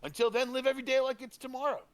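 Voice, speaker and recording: A man's voice: very high voice, fairly even intonation, racing. A man co-hosting a role-played talk show in laid-back slang, ending lines with man or bro.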